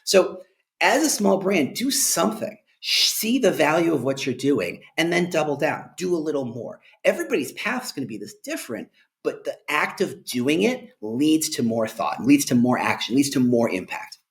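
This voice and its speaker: A middle-aged man, a guest on an interview, talking in an animated, joking way and often tagging lines with "right?". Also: on the high side, normal speed. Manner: animated, jokey, emphatic with rhetorical "right?". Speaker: guest, employer branding expert. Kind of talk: conversational interview.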